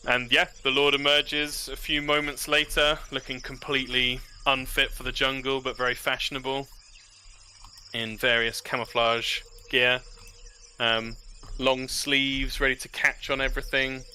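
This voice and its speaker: Male game master, very bright timbre, laid-back narration. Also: medium pitch, level tone, a little slow, a little hiss or hum.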